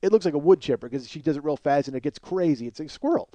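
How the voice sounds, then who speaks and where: A middle-aged man spins a comic story at a rapid clip, rambling and swearing freely as he mocks himself. His voice sits a little high for a man yet sounds dark and mellow. The recording is close and dry. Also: expressive, dry recording, lo-fi sound. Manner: rambling, profane, self-mocking. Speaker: podcast host. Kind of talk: comedic storytelling monologue.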